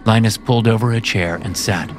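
A man giving scripted audiobook narration in a measured storytelling manner. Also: on the low side. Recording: narration with music bed. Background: music.

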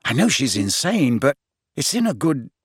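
A man's voice: mid-range voice, sing-song, moderate pace, slightly rough, no echo, clean studio sound. A man voicing an easygoing teenage boy who talks casually.

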